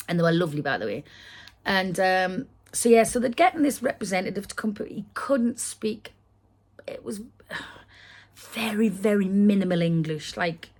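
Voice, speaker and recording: A woman telling a long personal story, full of restarts and asides. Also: medium pitch. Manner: rambling, with many restarts and asides. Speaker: vlogger.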